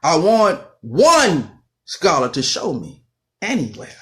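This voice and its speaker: A man lecturing with fire and rhythm, stacking repeated phrases to drive each point home. His voice sits somewhat high and swings widely in pitch. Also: huge pitch swings, slow, a bit bright. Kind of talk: impassioned lecture.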